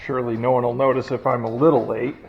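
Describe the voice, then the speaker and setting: With a fast, steady, mid-range voice and vocal fry, a hobbyist restoring an old truck chats while working in his garage, poking fun at himself. The recording is dull and lo-fi with faint noise, and logging machinery can be heard next door.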